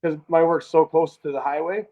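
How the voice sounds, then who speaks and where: A man's voice: fairly high pitch, fairly even intonation, fairly quick. A man with a Canadian accent, a guest in a casual interview, talking in a laid-back way, swearing freely and stumbling over restarts. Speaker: guest artist. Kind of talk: casual video call interview. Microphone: video call. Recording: muffled lo-fi call audio.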